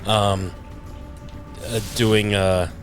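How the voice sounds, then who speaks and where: A man giving casual gameplay commentary on a live stream, halting and hesitant, with many fillers. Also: lowish voice, steady tone, soft background music. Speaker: streamer playing the game.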